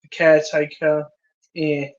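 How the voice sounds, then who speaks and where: Podcast co-host, male, slow and hesitant trivia reader, muffled lo-fi audio. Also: fairly high pitch, monotone. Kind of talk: casual chat.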